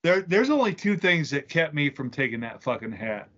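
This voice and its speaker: A man's voice: a little high, big pitch swings, normal speed, fairly bright tone, highs cut off. A man co-hosting a podcast, telling stories casually and swearing as he goes. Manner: casual, profane storytelling. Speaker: podcast co-host. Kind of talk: crude comedic podcast banter.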